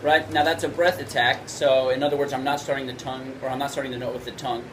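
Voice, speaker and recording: A man teaching trumpet basics in a video lesson, explaining in a relaxed way and often checking in with "right?". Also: medium pitch, quick pace, a little hiss or hum, rough recording.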